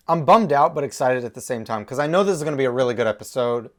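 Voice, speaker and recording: Lively man reacting to a TV show. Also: mid-range voice, fast. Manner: animated, exclaims and talks to the characters. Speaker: reaction video host. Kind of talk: excited TV reaction commentary.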